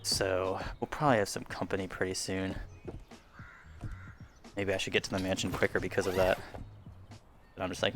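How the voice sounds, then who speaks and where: A man's voice: sits low, level tone, normal speed, long pauses, a bit bright, a little hiss or hum. A man casually commenting on his VR shooter gameplay, rambling and self-deprecating, chuckling as he goes, on a headset mic at home. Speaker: gaming YouTuber. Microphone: headset boom mic.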